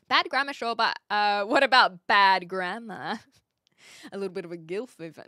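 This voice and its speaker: A woman's voice: mid-range voice, normal speed, bright, forceful tone, dry recording, studio quality. A woman with a New Zealand accent chatting casually on a live stream from her home setup, laughing often as she reads and answers chat.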